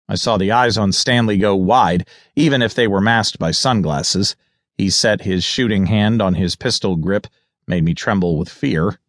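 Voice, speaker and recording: Low-voiced wry male audiobook narrator. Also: normal speed, no echo, studio quality. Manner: wry, sardonic. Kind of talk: first-person thriller narration.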